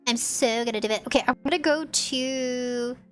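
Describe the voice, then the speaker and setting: High-pitched giggly woman streamer. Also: normal speed, a bit bright, faint music behind. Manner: rambling, giggly, easily sidetracked. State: slightly raspy. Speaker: VTuber livestreamer. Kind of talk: casual livestream chat, reading chat messages.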